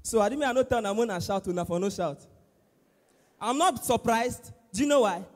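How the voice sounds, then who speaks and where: A man with a Nigerian accent doing loud, animated stand-up comedy at a church service, acting out his exchanges with a pastor. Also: very high voice, brisk, soft background music. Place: large church auditorium. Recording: echoey hall with long reverb.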